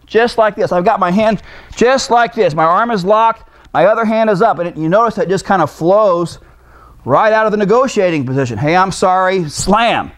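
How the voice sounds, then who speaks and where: A man's voice: sits high, brisk. A middle-aged man, a martial arts instructor, casually explaining self-defense moves while directing a partner through them in a gym. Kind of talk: demonstrating self-defense techniques.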